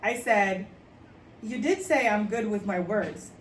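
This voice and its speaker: A woman's voice: medium pitch, expressive, slow pace, distant mic. A woman casually telling a dating story, acting out the dialogue and laughing often. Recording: echoey room, voice from off-mic, faint noise.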